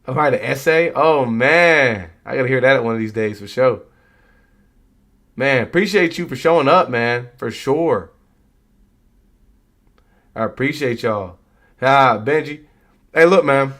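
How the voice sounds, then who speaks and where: A man's voice: mid-range voice, a little slow, pauses often, fairly bright tone. Laid-back young man chatting on stream. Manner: laid-back, slangy, talks straight to chat. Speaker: streamer reacting to wrestling. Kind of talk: casual live-stream chat.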